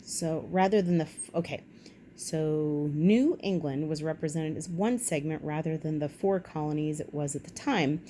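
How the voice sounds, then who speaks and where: A woman with a low voice reads a history article aloud for her vlog and keeps stopping to add chatty, wry remarks of her own. The recording carries a faint, steady hiss in the background. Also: moderate pace. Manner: chatty asides, wry and self-correcting. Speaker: vlog host. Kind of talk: reading aloud with casual commentary.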